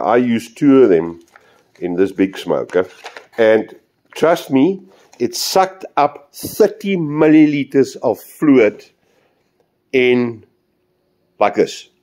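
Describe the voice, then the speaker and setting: A man's voice: fairly low pitch, a little mellow. A man chatting casually as he shows off a hobby project, rambling and talking straight to his viewers. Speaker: model railway hobbyist.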